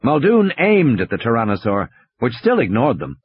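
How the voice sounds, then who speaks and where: Male audiobook reader, lively pitch, slightly breathy, dry and muffled studio sound. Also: moderate pace, no echo. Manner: expressive storytelling. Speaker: audiobook narrator. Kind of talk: dramatic audiobook narration.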